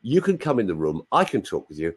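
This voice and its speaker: Older man, London accent, husky low voice, swooping animated delivery, chatty storyteller. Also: fast. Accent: London English. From London, England. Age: 60s. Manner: chatty, playful, asks listeners for confirmation. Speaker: guest. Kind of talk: storytelling on a live video chat.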